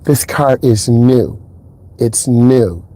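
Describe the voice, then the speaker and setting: Chatty male driving instructor. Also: drawn-out words. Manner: animated storyteller, acts out quotes in a higher voice. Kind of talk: casual vlog talk. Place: inside a car.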